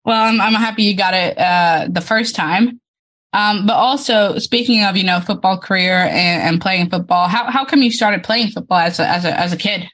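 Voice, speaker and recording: A woman hosting a podcast interview, friendly and quick to laugh. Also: mid-range voice, a bit bright. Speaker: podcast host. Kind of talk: casual interview.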